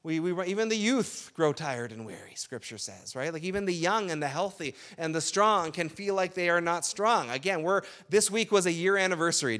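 A man with a high-pitched voice delivers a sermon as a pastor. He preaches in a conversational tone and often checks in with "right?". At times he softens his voice to speak the words of weary people.

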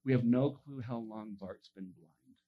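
A male pastor tells a story from the pulpit with lively energy. He acts out every voice in it and laughs as he goes. The sound is a little dull. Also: mid-range voice, a little slow. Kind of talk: sermon storytelling.

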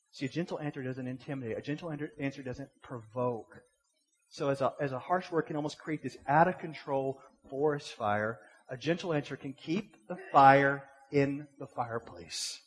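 A middle-aged man, preaching a sermon in a casual, conversational way, full of rhetorical questions and repeated words. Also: mid-range voice. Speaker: pastor. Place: church sanctuary. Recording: long hall reverb.

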